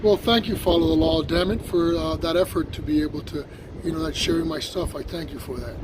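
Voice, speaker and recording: A man live-streaming as he walks a city street, talking loudly and excitably, laughing and swearing often. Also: a little high, a little fast. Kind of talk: casual live-stream vlog. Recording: noisy street with passing traffic. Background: traffic noise.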